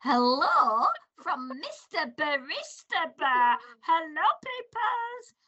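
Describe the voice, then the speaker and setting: A woman's voice: sits high, big pitch swings, takes it slowly, pushed and bright, dull audio, pitched above the performer's own voice, exaggerated voice. A woman voicing a small, giddy stuffed toy bear in a mock German accent, growling playfully.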